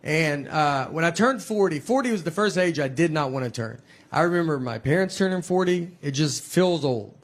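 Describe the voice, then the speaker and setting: A man in his forties with a Southern American accent, doing a rambling, deadpan stand-up routine on a comedy stage. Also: fairly high pitch, moderate pace. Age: 40s. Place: comedy stage before a laughing audience. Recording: stage mic with audience laughter.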